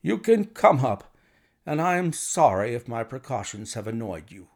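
Male narrator doing a nervous, pleading heavyset man; jittery, lively pitch. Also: normal speed. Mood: anxious. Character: fat, nervous, jumpy middle-aged man.

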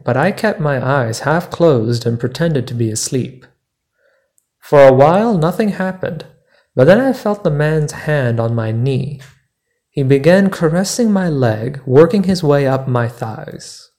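A man hosting a podcast, narrating a personal travel story in a measured, deliberate way. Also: on the high side. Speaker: podcast host.

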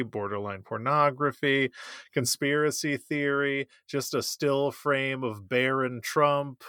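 A man's voice: mid-range voice, pushed and bright, smooth, no room sound, clean studio sound. A man co-hosting a podcast in casual chat, joking and teasing. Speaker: podcast co-host.

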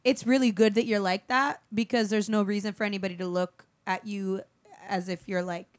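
A woman's voice: medium pitch, steady tone, fairly quick. A woman co-hosting a casual podcast chat, blunt and agreeable.

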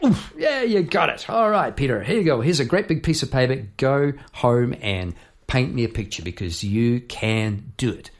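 A man's voice: mid-range voice, animated, moderate pace, natural voice. A man voicing a laconic, tobacco-chewing cowboy art teacher who speaks in a curt drawl. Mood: encouraging.

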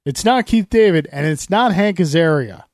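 A man's voice: fairly high pitch, animated, normal speed, darkish tone, no echo. A man co-hosting a podcast in casual chat, tossing in short, dry quips. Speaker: podcast co-host.

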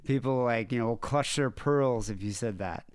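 A man's voice: medium pitch, normal speed, clean tone, dry recording, studio quality. A man hosting a casual podcast, joking loosely and repeating phrases with laughter. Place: studio in West Hollywood.

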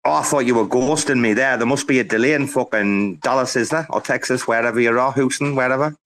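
A man's voice: mid-range voice, fast, fairly bright tone. A man hosting a casual live audio chat, boisterous, laughing often and swearing freely. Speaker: host.

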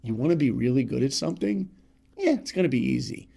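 A middle-aged man from New York with a husky, slightly breathy voice. He tells a motivational story with lots of energy, acting out each voice in it. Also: mid-range voice, fast talker. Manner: animated, acts out voices in his stories.

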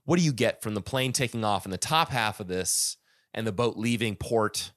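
A man's voice: lowish voice, lively intonation, normal speed, a bit bright, no room sound, clean studio sound. A man hosting a casual podcast about a music album, rambling with many restarts and fillers. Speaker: podcast host.

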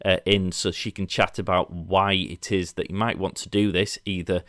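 Deep-voiced Yorkshire man hosting a podcast. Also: little pitch movement, moderate pace, a bit bright, no echo, clean studio sound. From Leeds, England. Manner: chatty, rambling, laughs often. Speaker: podcast host. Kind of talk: casual podcast interview. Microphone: remote online call.

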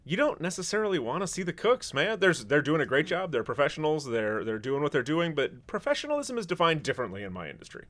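A man's voice: a little high, very animated, quick pace, few pauses, a bit bright. A man who is a chef, hosting a casual podcast chat with a wry, sarcastic, rambling manner.

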